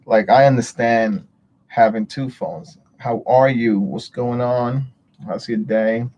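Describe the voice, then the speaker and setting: A man's voice: mid-range voice, steady tone, slow pace, darkish tone, highs cut off, slight background noise. A man chatting casually on a livestream, greeting viewers and rambling with frequent swearing. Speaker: livestream host.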